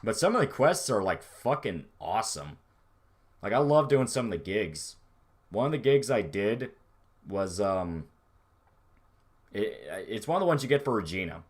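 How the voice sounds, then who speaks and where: A man with a somewhat low voice talks through a relaxed livestream. He rambles loosely from one thought to the next and swears freely as he answers his chat. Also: normal speed, pauses often. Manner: rambling, profane, laid-back. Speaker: streamer reading chat.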